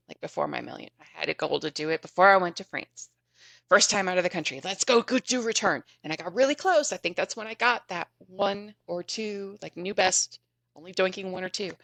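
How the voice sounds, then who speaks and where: A woman podcast guest telling a story in an animated, chatty way, often laughing as she goes. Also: fairly low pitch, a little fast, gravelly, dry recording. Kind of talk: casual storytelling.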